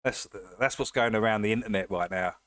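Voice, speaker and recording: A man's voice: fairly low pitch, a little fast, fairly bright tone, no echo. A man hosting a casual livestream chat, laughing often and repeating himself as he jokes. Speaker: livestream host.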